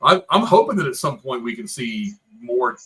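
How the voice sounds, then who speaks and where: A man's voice: medium pitch, animated, moderate pace, bright, forceful tone, breathy edge, low-quality recording. A man co-hosting a casual movie review podcast, reflecting at length on comedy and film.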